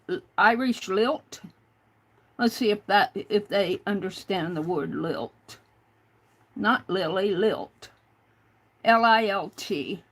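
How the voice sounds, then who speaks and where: This livestream host is a woman with a medium-pitched voice carrying a breathy edge. In her casual stream she talks with viewers, reads out their comments, and spells words letter by letter.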